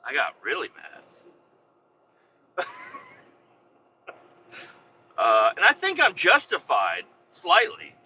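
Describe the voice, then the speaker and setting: A man's voice: fairly high pitch, huge pitch swings, slow, gravelly, pauses often, highs cut off, a little hiss or hum. A man casually telling a heated story, swearing a lot and getting worked up as he goes. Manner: heated, swears a lot, re-enacts his own yelling. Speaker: podcast host and business owner.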